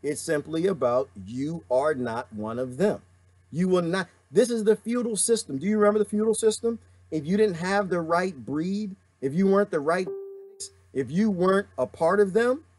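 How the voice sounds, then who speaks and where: A man hosting a livestream, ranting with emphatic repetition and calling out viewers by name. His voice is high and sits dry and close to the mic. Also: expressive, moderate pace, a little mellow, dry recording. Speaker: livestream host reading viewer comments. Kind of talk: impassioned livestream rant.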